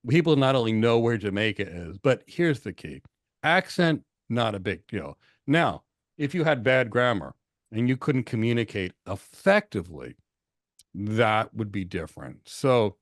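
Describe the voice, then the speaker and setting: An American man hosting a live question session, talking in an animated, encouraging way and telling stories. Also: medium pitch, measured pace, no echo, clean studio sound. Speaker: host and instructor. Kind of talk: live Q&A webinar.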